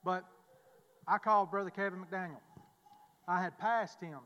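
A man preaching a testimony in a church sanctuary, his voice sitting high for a man. He talks in a halting, folksy way, with lots of restarts and jokes at his own expense. The sound has a long reverb from the hall. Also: steady tone, pushed and bright, lo-fi sound. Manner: halting, folksy, self-deprecating.

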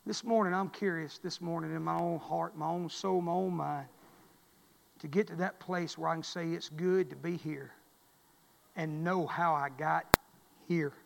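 High-voiced preaching man in reverberant church. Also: fairly even intonation, measured pace, creaky, a little hiss or hum. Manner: repetitive, building to loud shouted climaxes. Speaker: pastor. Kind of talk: sermon. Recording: long reverb of a church hall.

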